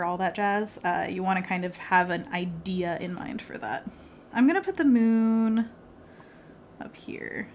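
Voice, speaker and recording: A woman illustrator hosts a casual live painting stream, talking through her work in a chatty, bubbly way and laughing often. Her voice sits at medium pitch, with slight background noise.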